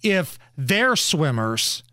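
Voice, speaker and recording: A man's voice: a little high, sing-song, extremely slow, bright, forceful tone, no room sound, clean studio sound. A man hosting a podcast, talking in a blunt, crude and mocking way. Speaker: podcast host. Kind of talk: casual opinion talk.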